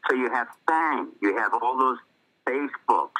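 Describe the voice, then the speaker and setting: A man's voice: mid-range voice, lively intonation, normal speed, sharp tone, poor audio. A man as an interview guest, talking emphatically and laying out his points one by one in a lecturing way. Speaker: guest commentator. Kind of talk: political interview.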